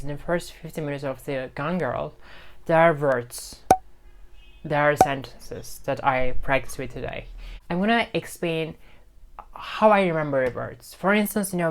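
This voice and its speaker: A man teaching English casually to a phone camera, chatty, repeating phrases and checking in with "okay?". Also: on the high side. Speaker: English-learning YouTuber.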